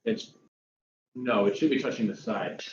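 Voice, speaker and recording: A man from Northern Virginia hosts a casual stream, joking around and putting on silly high voices while he brews and cooks. His voice is sing-song at normal speed. The home mic sounds roomy and dull, with a little hiss or hum.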